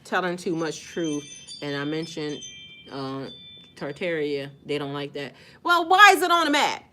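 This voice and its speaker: Bright-voiced woman ranting on a live stream. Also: low-pitched, a little slow, slight background noise. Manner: animated, profane, slangy, talks straight to viewers. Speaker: spiritual vlogger live-streaming. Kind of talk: casual live-stream chat.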